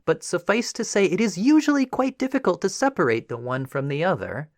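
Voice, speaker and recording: A man's voice: sits high, fairly quick, dry recording, clean studio sound. A man hosting a history podcast, narrating a script in a conversational way with frequent asides. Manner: conversational, animated, with frequent "you know" asides. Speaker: podcast host.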